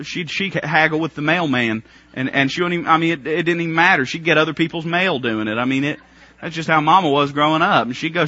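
A man preaching a sermon, folksy and emphatic, swinging from loud outbursts to hushed lines. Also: fairly high pitch, dry recording. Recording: dry, dull lo-fi sound.

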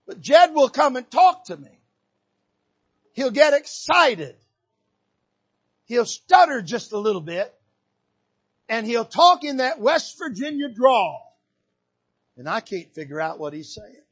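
High-voiced older preacher from Michigan. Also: male voice, big pitch swings, slow, long pauses, breathy edge. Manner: swings between shouted exhortation and hushed, soft emphasis. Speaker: pastor. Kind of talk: preaching a sermon. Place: church pulpit.

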